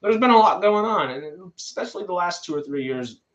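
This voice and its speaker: A man's voice: high-pitched, lively intonation, a little fast, a bit bright, lo-fi sound. A man in his twenties hosting film news, reading items and then chatting about them with loose asides and restarts. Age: 20s. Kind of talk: casual news commentary.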